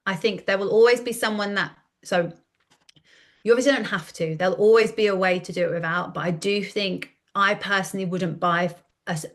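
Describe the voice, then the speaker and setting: A woman in her thirties, a content coach talking in a casual podcast interview, chatty and animated, often acting out quoted dialogue. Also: medium pitch, a little fast. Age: 30s.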